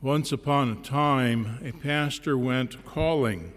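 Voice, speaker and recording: A man preaching a sermon, telling a parable slowly and deliberately, with pauses between phrases. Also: medium pitch, fairly bright tone. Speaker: pastor. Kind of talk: sermon storytelling. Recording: long reverb in a large hall.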